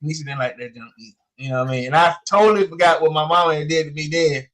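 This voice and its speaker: Man, 40s, high voice, chatty storyteller who acts out dialogue. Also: racing. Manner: animated storyteller, acts out quotes, many fillers. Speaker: podcast co-host. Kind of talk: casual storytelling chat.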